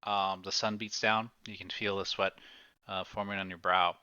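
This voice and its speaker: A man's voice: low voice, flat delivery, moderate pace, pushed and bright, smooth, dry recording, dull audio. A man narrating a tabletop game as game master, hesitant and full of fillers.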